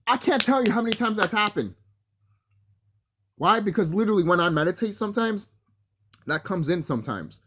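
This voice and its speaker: Profane ranting man, slightly high voice. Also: lively intonation, a little fast, pauses often, fairly bright tone, breathy edge. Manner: profane, confrontational, addresses enemies directly; breaks into laughter, mimics others in quotes. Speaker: vlogger. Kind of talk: solo spiritual rant to camera.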